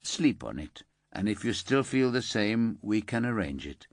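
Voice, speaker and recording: A man playing a weary police inspector who speaks in a measured, subdued way, in an audiobook. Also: on the low side, very animated, no room sound, studio quality. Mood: subdued gentle. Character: weary male police inspector, careful and gentle.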